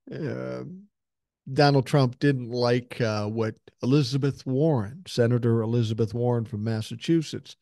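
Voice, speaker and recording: A man's voice: medium pitch, a little mellow, no room sound, clean studio sound. Blunt, profane older man podcaster. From Minnesota, USA. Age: 60s. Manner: blunt and profane, reads listener emails and news aloud. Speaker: podcast host. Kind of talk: casual political commentary.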